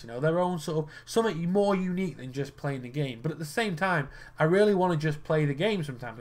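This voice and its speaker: Excitable, sweary young man ranting while gaming. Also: on the high side. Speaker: gaming video creator. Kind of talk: casual commentary while playing a card game.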